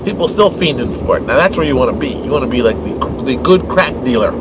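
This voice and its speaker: A man hosting a casual monologue, animated and exasperated, acting out quick mock dialogues while recording outdoors near traffic. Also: mid-range voice. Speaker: podcast host and game publisher.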